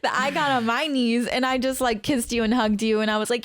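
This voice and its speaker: A woman in her thirties co-hosting a podcast, telling a story in a chatty, quick casual style. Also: fairly high pitch, fairly even intonation, dry recording, clean studio sound. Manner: chatty storyteller, quick asides, laughs easily. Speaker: podcast co-host. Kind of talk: casual chat.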